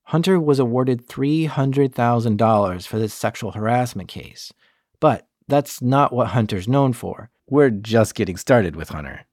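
A male podcast host reading scripted narration in a calm, even storytelling manner. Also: mid-range voice, a little slow, no echo, studio quality. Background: background music.

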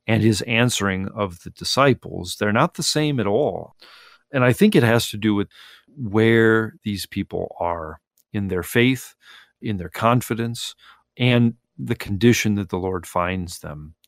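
A man's voice: lowish voice, dry recording, studio quality. A male pastor, a guest on a radio talk show, thoughtfully explaining the Sunday Bible readings with appreciation for the text. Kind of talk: radio interview, scripture commentary.

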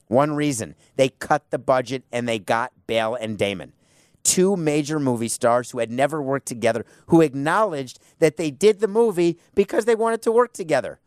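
A man's voice: mid-range voice, normal speed, darkish tone, no echo, studio quality. A man hosting a talk radio show, speaking bluntly and sarcastically in an opinionated monologue. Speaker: sports radio host.

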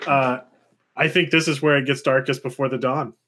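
A man's voice: mid-range voice, fairly even intonation, normal speed, a bit bright, a little hiss or hum. A man co-hosting a casual sports podcast, making dry, wry jokes. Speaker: podcast co-host.

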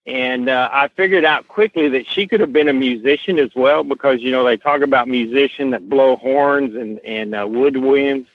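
A middle-aged man with a slow Southern Kentucky accent, telling stories as an interview guest, unhurried with many fillers. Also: medium pitch, dry recording. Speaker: guest, horse association president. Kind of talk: casual podcast interview, storytelling. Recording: tinny phone-line sound.

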